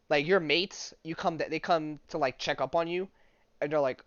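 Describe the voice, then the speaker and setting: A man's voice: fairly high pitch, moderate pace, fairly bright tone, clean tone, no room sound. A young man hosting a podcast, reading a comic aloud and joking about it in slangy, casual talk full of fillers. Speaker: podcast host. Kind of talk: casual comic read-along commentary. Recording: dry, dull lo-fi mic.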